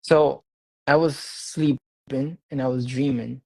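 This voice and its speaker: Guy with a raspy fry in his voice, dry close mic, animated storyteller who laughs a lot. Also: medium pitch, takes it slowly, dry recording, poor audio. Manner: animated, laughs often, repeats phrases. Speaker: guest sharing a faith testimony. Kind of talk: casual storytelling interview.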